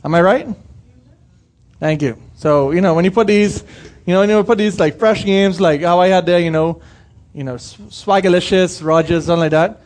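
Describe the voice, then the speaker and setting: A young man preaching a sermon in a high, light voice. He keeps it chatty and informal, asking the congregation direct questions. He breaks into brief impressions of the people he describes. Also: normal speed, darkish tone. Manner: conversational preaching, asks the congregation questions, acts out quoted voices. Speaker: pastor.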